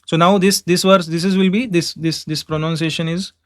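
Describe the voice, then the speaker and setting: A man teaching a class, explaining step by step and chanting verses slowly in meter. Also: a little high, steady tone, fairly bright tone, no echo, studio quality. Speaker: Sanskrit teacher. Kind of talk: online class lecture.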